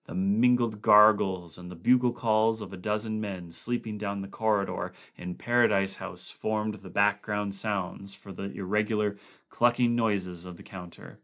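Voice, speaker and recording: A man reading a horror novella aloud, narrating plainly between expressive character voices. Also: lowish voice, moderate pace. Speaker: audiobook reader. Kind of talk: dramatic audiobook reading.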